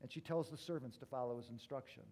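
A male pastor preaching a sermon, telling stories with big swings from loud to hushed. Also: medium pitch, fast talker.

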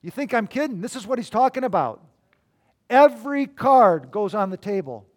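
High-voiced man preaching emphatically. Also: lively intonation, normal speed. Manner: emphatic preaching with sudden swings in loudness. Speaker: pastor. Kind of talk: sermon.

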